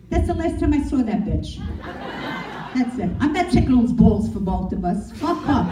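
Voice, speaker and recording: A woman's voice: on the high side, very animated, moderate pace, mellow, a little hiss or hum. Brash New woman doing stand-up. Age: middle-aged. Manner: brash, crude, sardonic. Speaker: stand-up comic. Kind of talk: stand-up comedy set. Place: comedy club. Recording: echoey club from a distance. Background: audience laughing.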